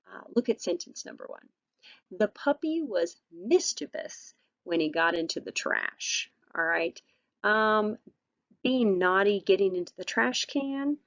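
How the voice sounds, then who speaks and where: A woman's voice: medium pitch, lively intonation, unhurried, fairly bright tone, no room sound, highs cut off. A woman teacher giving a recorded vocabulary lesson, patient and encouraging, with frequent ums and all-rights.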